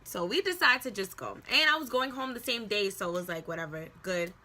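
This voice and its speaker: A young woman telling a casual storytime vlog, animated and slangy, acting out quoted voices. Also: mid-range voice, brisk. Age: young adult.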